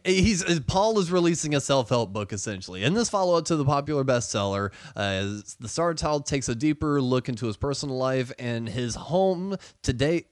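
A man with a Southern accent chats on a podcast, his pitch bouncing all over as he jokes and swears freely. The sound is dry and close, with no room around it. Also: normal speed, few pauses, no echo. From South Carolina, US. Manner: animated, profane, jokey. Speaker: podcast host. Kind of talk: casual chat.

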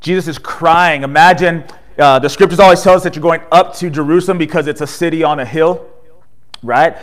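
A man with a somewhat high voice preaches a sermon as a pastor. He tells the story with animation and peppers it with rhetorical questions and "right?". At solemn moments he sinks into a quiet, low delivery. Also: brisk. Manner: drops soft and low at solemn points.

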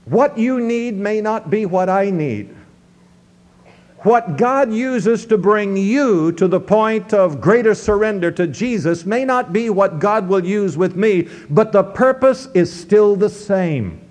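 A man's voice: sits high, lively intonation, takes it slowly, darkish tone. A man pastor preaching a sermon, teaching verse by verse with sweeping rises and drops in his voice. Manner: teaching, walking through scripture verse by verse.

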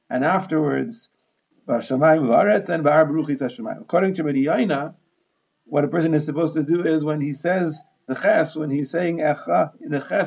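A man with a slightly high, gravelly voice walks through a Talmud lesson step by step, steady and methodical. The recording is dull and lo-fi. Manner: steady, methodical explaining, Hebrew and Aramaic terms mixed into English. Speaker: Talmud teacher. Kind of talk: explanatory lesson.

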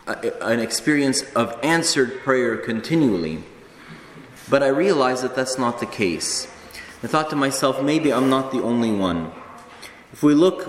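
Conversational preacher in an echoey church. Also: male voice, medium pitch, slight background noise. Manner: conversational preaching with asides and restarts. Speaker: married priest. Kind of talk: sermon. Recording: echoey church hall, faint ambience.

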